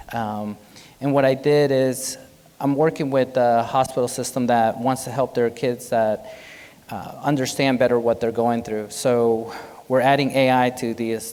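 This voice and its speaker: Male physician, keynote speaker, casual and lively, roomy hall reverb. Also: medium pitch, clear, resonant tone. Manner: animated, conversational, jokes with the audience. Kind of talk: conference keynote talk. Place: large hotel conference hall.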